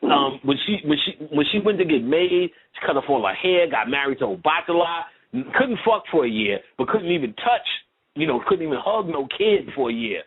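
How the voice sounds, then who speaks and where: A man's voice: fairly high pitch, big pitch swings, a little fast, breathy edge. A man lecturing in casual conversation, telling a rambling, profane story full of asides. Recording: tinny phone-like line.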